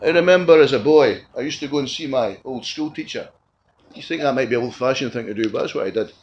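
A man preaching an evangelistic sermon at a tent meeting, swinging between loud appeals and hushed, quiet lines. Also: mid-range voice, fast, lo-fi sound.

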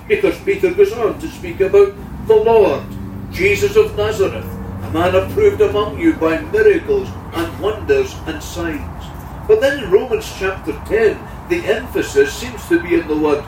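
A man's voice: high voice, animated, unhurried, slight background noise. Male preacher, earnest sermon, distant roomy sound. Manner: earnest, swells loudly on key words. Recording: echoey room heard from a distance.

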